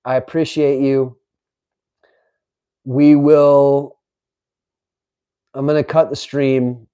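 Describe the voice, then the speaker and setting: A man hosting a live stream, chatting casually and reading aloud with incredulous, animated asides. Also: medium pitch, very slow, clear, resonant tone, rough recording. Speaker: livestream host. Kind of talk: live-stream reaction chat.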